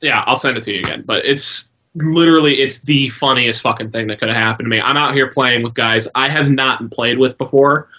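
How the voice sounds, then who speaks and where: A young man co-hosting a podcast, telling a story in a rambling, swearing, animated way. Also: mid-range voice, fairly quick. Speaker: podcast co-host. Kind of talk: casual chat. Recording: dull lo-fi sound.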